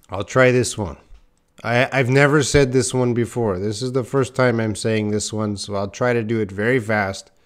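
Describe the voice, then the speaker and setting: A man teaching a live online English lesson, trying tongue twisters, joking with viewers and laughing at his own mistakes. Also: medium pitch. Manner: chats with viewers reading their comments.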